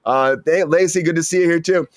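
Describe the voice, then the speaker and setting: A man's voice: on the high side, fast talker, no room sound, clean studio sound. A man hosting a casual entertainment news chat, rambling and stammering with frequent restarts. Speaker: show host.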